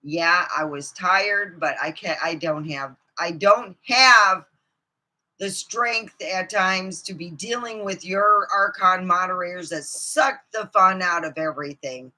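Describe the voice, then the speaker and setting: A woman ranting profanely to her camera, swinging from low muttering to outbursts of shouting. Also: a little slow, few pauses. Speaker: vlogger. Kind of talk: angry ranting monologue.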